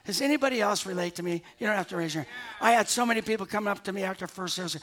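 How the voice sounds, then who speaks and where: A man with a high-pitched voice preaching from the pulpit of a church. He tells a story from his own life in a lively, animated way and often chuckles at himself. The tone stays conversational even while he delivers a sermon. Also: very fast. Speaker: pastor. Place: church sanctuary.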